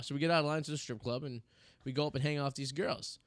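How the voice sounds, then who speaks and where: A man in his thirties, a podcast host, winds through long stories with plenty of stops and restarts. His voice sits a little high for a man. The studio sound is close and dry, with no room echo. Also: fairly even intonation, quick pace. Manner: rambling storyteller, many restarts and fillers. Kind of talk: casual chat. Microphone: studio mic.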